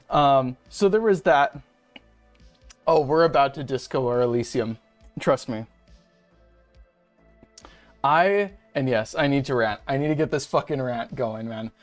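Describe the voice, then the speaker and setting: A young streamer, self-described femboy, ranting casually and profanely to viewers at a home setup. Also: mid-range voice. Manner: profane, rambling, venting. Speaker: streamer, host of the channel. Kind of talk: casual ranting livestream chat. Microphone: webcam and desk mic at home.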